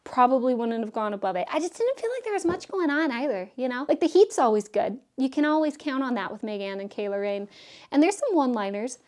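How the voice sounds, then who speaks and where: Chatty excitable woman, book vlogger. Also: high voice. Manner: chatty, excitable, lots of fillers and asides. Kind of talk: casual book review chat.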